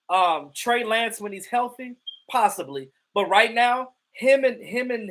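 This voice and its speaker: High-voiced, animated livestream sports talker. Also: male voice, low-quality recording. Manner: animated, profane trash talk with frequent stammered restarts. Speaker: livestream host. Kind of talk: casual sports talk.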